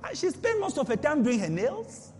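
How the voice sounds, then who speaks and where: A male preacher with a strikingly high, lively voice, driving home his points with repetition and rhetorical questions. He is heard in a hall with a long reverb, with faint music underneath. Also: moderate pace. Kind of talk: sermon.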